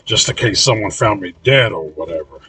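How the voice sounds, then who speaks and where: A man's voice: fairly low pitch, animated, brisk, pushed and bright, slightly rough, dry recording, distant mic, voice pushed down, heavily acted. A man voicing a cranky, blunt elderly man in his seventies in an audiobook reading.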